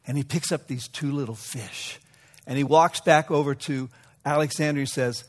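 A man's voice: medium pitch, normal speed. A male preacher delivering a sermon in a storytelling manner, sometimes correcting himself mid-sentence. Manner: storytelling, occasional self-corrections.

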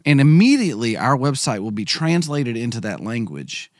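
A man's voice: mid-range voice, sing-song, moderate pace, no echo, studio quality. A man making a careful point in a casual podcast conversation. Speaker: podcast guest.

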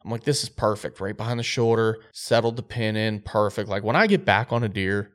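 A man with a lowish voice tells a hunting story on a podcast. He talks in an animated, excitable way, reliving each moment. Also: a little fast. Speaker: podcast co-host.

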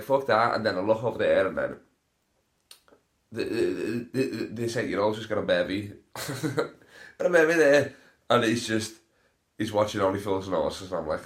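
A young man, stoned and hosting a casual solo podcast, rambling through sweary, laughing stories. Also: lowish voice. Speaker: podcast host. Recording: roomy echo.

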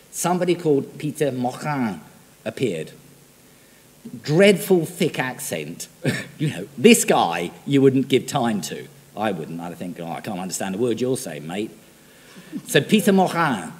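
A man's voice: medium pitch, breathy edge. A man preaching a sermon, talking conversationally and putting direct questions to his congregation. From Britain. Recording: reverberant hall.

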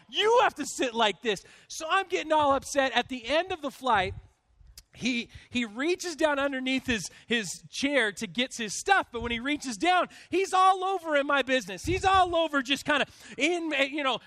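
High-voiced pastor telling a funny story. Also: male voice, no room sound. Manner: animated, self-deprecating storytelling with frequent restarts. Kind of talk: sermon with a humorous personal story.

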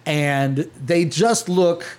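A man's voice: on the high side, expressive, very slow, a little mellow. A man narrating as game master of a tabletop game, casual and chatty, with many fillers and laughs.

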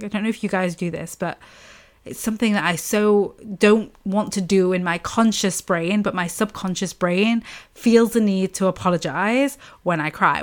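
A woman in her thirties telling a personal story as a podcast host, candid and casual, swearing now and then. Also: fairly low pitch. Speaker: podcast host and business coach.

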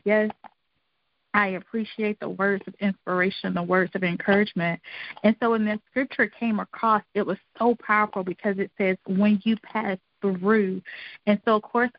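A woman's voice: mid-range voice, dry recording, lo-fi sound. A middle-aged woman giving an earnest, encouraging devotional talk, repeating phrases for emphasis. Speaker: devotional speaker.

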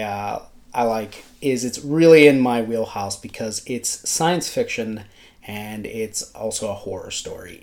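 A man with a constantly nasal voice talks casually about a book he loved. He stumbles and restarts often, with plenty of "uh"s along the way. His pitch sits right in the middle for a man. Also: darkish tone. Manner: hesitant, many fillers and restarts. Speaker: podcast co-host, book blogger.

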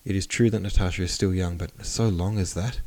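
A man's voice: sits low, steady tone, fairly quick, warm tone, lightly acted. A man playing a hesitant older countess. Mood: anxious. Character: anxious middle-aged countess mother.

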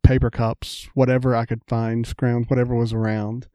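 A man's voice: medium pitch, little pitch movement, normal speed, mellow, no echo, clean studio sound. A man, chatting casually and telling rambling stories, acting out the voices of people in them. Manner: rambling anecdotes, acts out quoted voices. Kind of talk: casual chat, storytelling.

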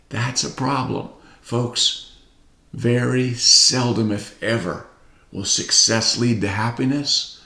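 Slow gravelly guy giving a pep talk, keeps repeating his catchphrase, echoey room. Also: mid-range voice, fairly even intonation, bright, forceful tone. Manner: repeats a catchphrase, urges listeners to join in. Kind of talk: motivational talk.

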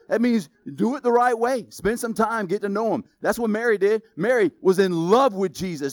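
Guy preaching, talks to the church like a buddy then gets loud, pretty high voice. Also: moderate pace, few pauses, no echo. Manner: casual, conversational preaching that builds to loud exclamations. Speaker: pastor. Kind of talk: sermon.

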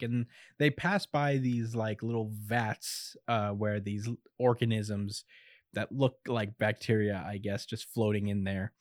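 A man's voice: lowish voice, fairly even intonation, unhurried, dry recording, studio quality. A man in casual chat recapping an anime episode, laid-back and chuckly, with lots of fillers.

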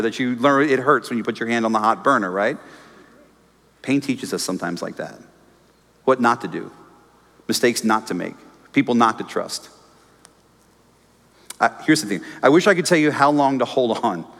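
A pastor preaching a sermon, animated and storytelling, acting out his own prayers and arguments with the crowd. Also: mid-range voice, moderate pace, long pauses, long reverb tail. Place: church auditorium.

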